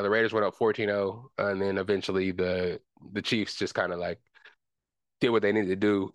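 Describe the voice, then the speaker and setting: A man's voice: fairly low pitch, dry recording. A man hosting a podcast, ranting in a casual, rambling way, cursing and circling back on himself. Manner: frustrated, rambling rant with cursing. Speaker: podcast host. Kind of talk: casual sports talk.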